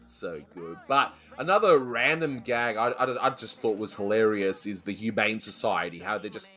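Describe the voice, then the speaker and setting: A man's voice: fairly low pitch, normal speed, a bit bright. Enthusiastic man hosting a cartoon podcast. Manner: enthusiastic, laughs easily. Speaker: podcast host. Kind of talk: casual chat.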